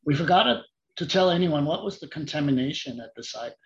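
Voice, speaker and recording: A man hosting a technical interview, introducing guests and asking courteous, measured questions. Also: on the high side, expressive, gravelly, highs cut off. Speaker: host.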